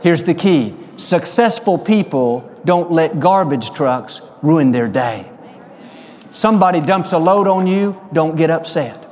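A man preaching a sermon, telling stories and slowing down to stress key lines. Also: on the high side, a little mellow, long reverb tail. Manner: storytelling, slows for emphasis. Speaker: pastor.

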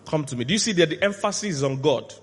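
A man's voice: fairly high pitch, expressive, fast, husky. Preaching man in a reverberant hall. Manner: call-and-response questions to the congregation; swings from quiet asides to loud shouted peaks. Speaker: pastor. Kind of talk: sermon. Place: church hall.

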